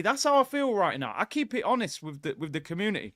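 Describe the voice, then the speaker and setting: Young guy, watchalong host, high voice, dry close mic, sarcastic and exasperated, sudden excited shouts. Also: fast, few pauses, dry recording. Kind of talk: casual live-stream rant.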